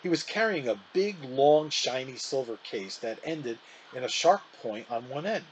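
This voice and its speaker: A man reads a children's book aloud with animated storytelling. His voice is lively, with wide swings in pitch, and a faint ambient hum sits behind him. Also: normal speed, low-quality recording.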